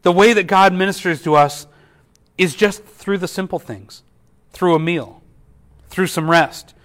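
Male pastor, high-pitched voice, earnest sermon delivery with frequent restarts. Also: a little slow. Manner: earnest, repeats words at restarts, drops softly for quoted whispers.

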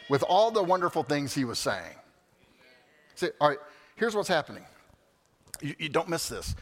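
Man preaching, high bright voice, lively swings, reverberant hall. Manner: animated, swings from loud exclamations to quiet asides. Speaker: pastor. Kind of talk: sermon.

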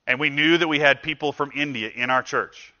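A man's voice: mid-range voice, a little fast, pushed and bright. A man preaching a sermon as a pastor, talking conversationally and acting out quoted voices. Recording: dull lo-fi sound.

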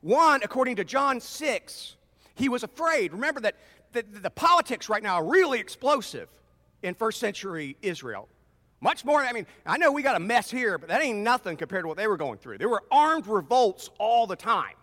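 A man's voice: high-pitched, moderate pace. A man preaching a conversational sermon as pastor in a church. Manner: animated, conversational preaching with acted-out voices. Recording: long reverb in a large hall.

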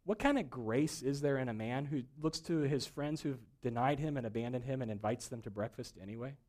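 A man's voice: medium pitch, fairly quick, a little mellow. Storytelling preacher man. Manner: storytelling preacher, acts out dialogue, rising and falling intensity. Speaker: pastor. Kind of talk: sermon.

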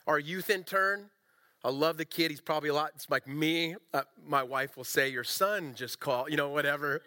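A middle-aged man preaching in a loose, chatty way, full of asides and jokes at his own expense. His voice sits fairly high for a man and has a bright, forward edge. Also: moderate pace. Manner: conversational, animated, self-deprecating preaching. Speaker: pastor. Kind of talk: sermon.

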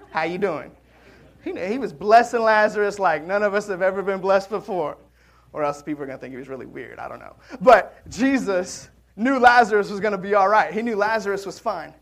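A man preaching a sermon in a conversational way, swinging between loud emphasis and quiet, hushed drops. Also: a little high, vocal fry. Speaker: pastor.

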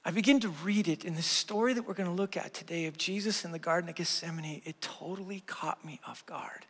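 With a rather high voice, a middle-aged pastor preaches earnestly, his delivery shifting between energetic, loud stretches and quiet, hushed moments. The pace is a little fast, and a long reverb from the sanctuary surrounds his words.

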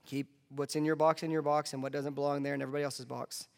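A man delivering a conversational sermon as a pastor, dropping into soft asides. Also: a little high, level tone, fast talker, gravelly. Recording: long hall reverb.

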